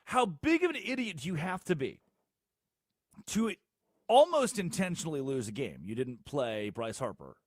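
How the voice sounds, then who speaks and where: Animated joking male sports radio host. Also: a little high, normal speed, no room sound, clean studio sound. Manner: animated, joking, mimics people with put-on voices. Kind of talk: comedic sports talk.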